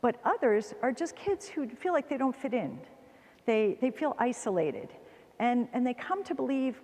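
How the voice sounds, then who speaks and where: A woman's voice: on the high side, normal speed. A woman speaking at a church conference, earnest and conversational, often voicing the people she quotes. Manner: earnest, conversational, quotes others in lively voices. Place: church hall. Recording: long hall reverb.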